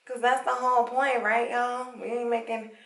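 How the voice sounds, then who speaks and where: A woman's voice: a little high, level tone, moderate pace, a bit bright, echoey room, distant mic. A young woman chatting casually at home while taking out her hair, encouraging and laughing often. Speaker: vlogger. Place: her parents' home, indoors.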